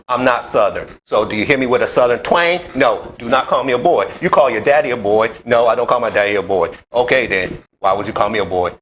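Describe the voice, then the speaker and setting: A man's voice: lowish voice, a little fast, hardly any pauses, a bit bright, slight background noise. A man talking in a casual live-stream conversation, emphatic and heated, his voice climbing when he gets worked up.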